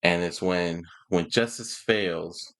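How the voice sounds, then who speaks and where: A man's voice: low-pitched, slow pace, fairly bright tone. A man reviewing a TV show in a casual, rambling way, often laughing and getting emotional. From Houston, Texas. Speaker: movie and TV reviewer.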